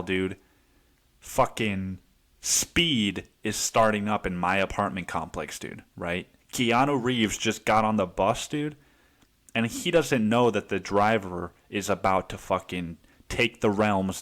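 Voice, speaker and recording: Rambling, profane storyteller man, low voice. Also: a bit bright. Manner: profane, rambling, fills nearly every phrase with "dude"; acts out other people's lines in quick voices. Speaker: podcast host. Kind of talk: casual storytelling monologue.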